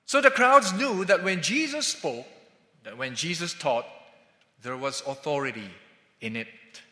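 Male pastor, sermon. Measured and emphatic, slightly high, with a bright edge. Echoing church hall. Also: lively intonation. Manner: emphatic, with drawn-out stressed words and sudden drops in volume. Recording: echoey hall with long reverb.

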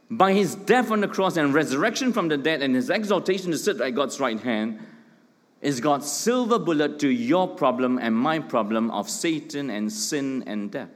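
A middle-aged man, preaching a sermon with emphatic points, rhetorical questions and joking asides. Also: on the high side. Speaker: pastor. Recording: long hall reverb.

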